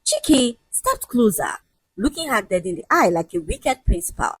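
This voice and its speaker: A woman narrating a dramatic folk tale in a lively storytelling manner. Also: a little high, normal speed, gravelly, slightly rough, no echo.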